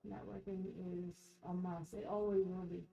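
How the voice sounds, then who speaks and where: A woman's voice: lowish voice, little pitch movement, moderate pace, gravelly, lo-fi sound, crowd noise. A woman co-hosting a casual podcast, talking in a chatty way and giving advice. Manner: chatty, advising. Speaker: co-host.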